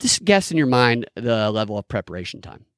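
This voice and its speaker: A man's voice: medium pitch, sing-song, a little fast, no echo, clean studio sound. A man hosting a podcast, mocking the clips he plays and parroting quotes sarcastically. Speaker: podcast host. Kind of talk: commentary over played clips.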